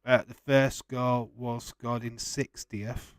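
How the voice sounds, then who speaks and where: A man's voice: medium pitch, little pitch movement, slow pace, dry recording. A man hosting a casual live watch-along, chatting loosely and laughing often. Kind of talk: casual live-stream chat.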